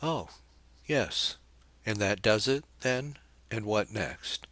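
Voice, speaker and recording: A man reading the part of a poised young woman who speaks lightly, with a gentle mocking edge. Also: lowish voice, lively intonation, slow pace, no echo, voice pushed up. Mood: cool, mocking.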